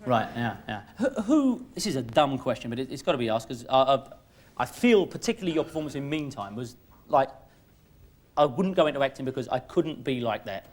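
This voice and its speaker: A man hosting a comic chat show, excitable, stammering and laughing loudly. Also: mid-range voice, fairly quick.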